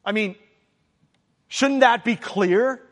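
High-voiced man preaching in a reverberant hall. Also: takes it slowly. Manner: emphatic, repeating exhortations. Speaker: pastor. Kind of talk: sermon.

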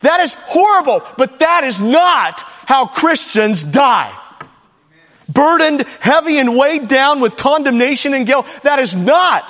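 A man's voice: very high-pitched, big pitch swings, measured pace, a bit bright, big-room sound. A man preaching a sermon as pastor, earnest, with rhetorical questions and repeated lines. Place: church sanctuary.

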